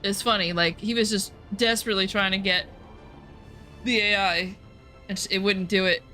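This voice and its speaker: Bright-voiced woman rambling over gameplay. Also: medium pitch, fairly even intonation, normal speed, soft background music. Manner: chatty, profane, rambling asides. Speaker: game streamer. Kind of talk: casual gameplay commentary.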